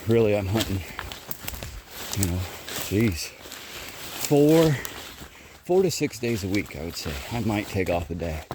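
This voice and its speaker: A man with a lowish, animated voice talks slowly and pauses often as he walks through the woods training bird dogs, narrating to the camera and praising them. He calls loudly to the dogs between explanations. The outdoor field recording carries noise, with birds and other outdoor sounds behind him.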